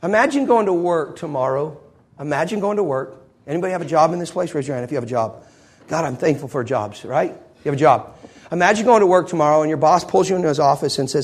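Male pastor, husky timbre, fervent sermon delivery to a church congregation. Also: a little high, animated, fast. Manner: fervent preaching, many rhetorical questions.

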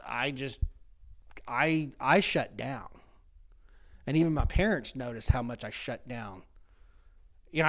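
A middle-aged man telling stories in casual chat, animated, laughing often and breaking off his own sentences. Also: mid-range voice.

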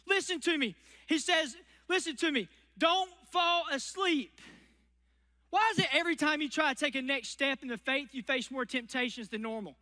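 A man's voice: extremely high pitch, fairly quick, sharp tone, long reverb tail. A man preaching a sermon, folksy and emphatic, stretching key words for effect. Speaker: pastor.

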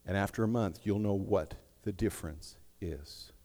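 Guy putting on a stern busy grad student, low quick clipped talk, big echoey hall. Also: dark tone, natural voice. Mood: firm. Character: busy stern male graduate student, blunt and intense.

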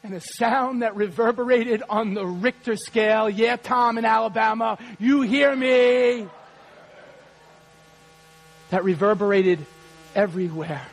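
A man preaching a sermon as pastor, animated and rising to shouts. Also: high voice, a little slow, long pauses, poor audio.

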